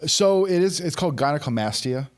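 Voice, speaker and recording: A man's voice: on the high side, lively intonation, brisk. Man telling candid, self-deprecating stories. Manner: candid, self-deprecating storyteller with frequent restarts. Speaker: podcast guest, former pro wrestler. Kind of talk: casual podcast chat.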